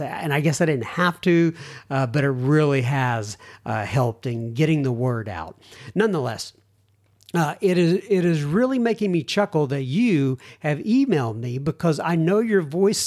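A man's voice: a little high, a little mellow. A middle-aged man hosting a recovery podcast, chatting casually and reading listener emails aloud with self-deprecating asides. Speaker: podcast host.

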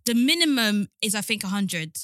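A young woman co-hosting a casual podcast chat, animated and quick to laugh while acting out quotes. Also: medium pitch, no room sound, studio quality. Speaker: podcast co-host.

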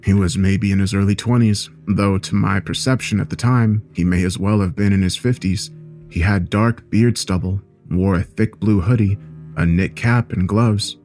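A man with a fairly low voice narrates a horror story. His delivery is steady and measured, with soft music faint behind him.

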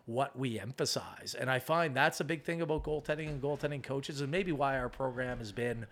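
A man's voice: mid-range voice, a little fast. A middle-aged man coaching goalies, talking through his methods in a casual interview and acting out arguments. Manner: animated explaining, acts out arguments.

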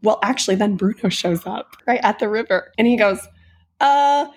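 On a podcast, a female co-host retells a film in casual conversation, gushing earnestly and emotionally. Her mid-range voice runs a little fast with a breathy edge, and her intonation stays fairly even.

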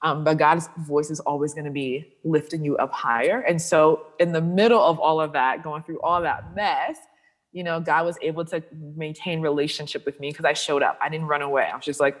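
Woman, deep voice, interview guest, candid storytelling, quotes people animatedly. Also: fairly even intonation, brisk. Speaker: sexuality coach and podcast guest.

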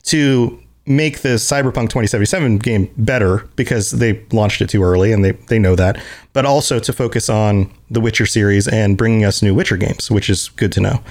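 A man's voice: lowish voice, brisk, darkish tone. A man co-hosting a live-streamed podcast, talking in an enthusiastic, rambling way with lots of restarts. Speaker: podcast co-host. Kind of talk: casual chat.

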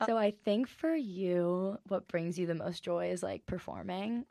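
A woman's voice: fairly low pitch, measured pace, creaky, mellow, no room sound, clean studio sound. A young woman hosting a podcast in casual chat, talking loosely with many fillers and laughing often. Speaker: podcast host.

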